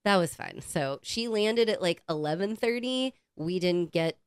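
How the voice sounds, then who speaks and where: A woman co-hosting a podcast, telling a casual story in a lively, swearing, animated way and acting out the quotes. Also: fairly low pitch, measured pace, clear, resonant tone, no room sound. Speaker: podcast co-host.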